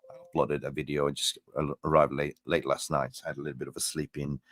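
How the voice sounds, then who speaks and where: A man guesting on a fan stream, casual and animated, swearing freely, tired after just waking up. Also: very deep voice, fast talker, dry recording, studio quality. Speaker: guest fan content creator.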